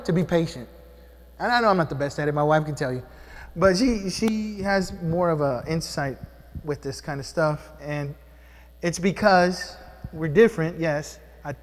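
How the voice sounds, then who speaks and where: The sanctuary sounds like a large hall as a middle-aged pastor with a high-pitched voice preaches. His sermon is conversational, and he often turns questions to the congregation.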